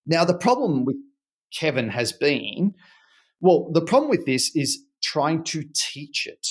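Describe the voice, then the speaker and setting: A middle-aged man, a podcast guest explaining his research in an animated, storytelling way. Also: a little high, unhurried, husky. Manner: animated storyteller who acts out dialogue. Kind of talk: conversational podcast interview.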